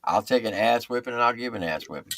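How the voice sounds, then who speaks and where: A middle-aged man and military veteran telling war stories in casual, profane, animated talk. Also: medium pitch, fast. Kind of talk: casual storytelling.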